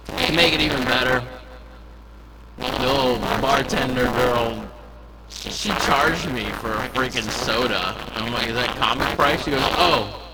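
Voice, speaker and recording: Gravelly-voiced hungover man rambling slowly. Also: medium pitch, very noisy. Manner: rambling, sarcastic, laughs at himself. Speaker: comedian vlogger. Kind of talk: casual rambling vlog monologue.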